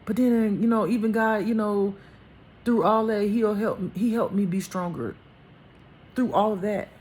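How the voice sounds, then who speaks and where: A woman giving an impassioned personal monologue as a spiritual teacher, colloquial and blunt, dropping into a hushed lower voice when she speaks for God. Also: measured pace.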